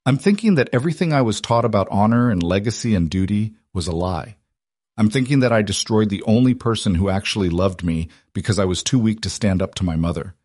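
Brief: desperate, broken werewolf ex-husband, read by a man; raw, shredded, bitter delivery; deep dry voice. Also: lively intonation, brisk, a little mellow, dry recording.

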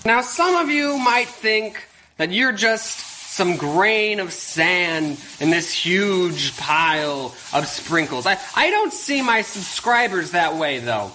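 Male YouTuber, jokey and mock-sincere, bouncy animated delivery, faint background hiss. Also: sits high, slow pace. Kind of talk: casual vlog.

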